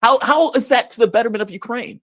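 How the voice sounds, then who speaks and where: A man's voice: extremely high pitch, fast talker, a bit bright, dry recording. A man commenting on politics in a blunt, combative and mocking way. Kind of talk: heated political discussion.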